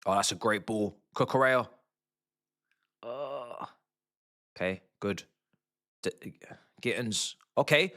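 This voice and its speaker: Young man, bright sharp voice, streams football watch-alongs, slangy and excitable, shouts at goals. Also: mid-range voice, slow, pauses often. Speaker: fan streamer. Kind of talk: live match watch-along commentary.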